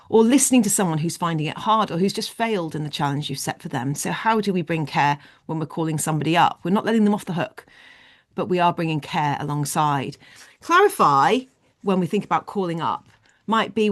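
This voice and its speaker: Lower-voiced woman leading a leadership training call. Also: brisk. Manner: animated, explanatory. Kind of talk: online training session. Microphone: video call.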